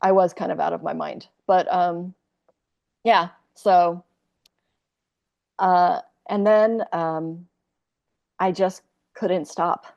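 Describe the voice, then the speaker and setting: A woman's voice: lowish voice, fairly even intonation, takes it slowly, creaky, pauses often, muffled recording. A woman in her sixties, a podcast guest telling a candid personal story in a rambling, profane way, full of fillers and restarts.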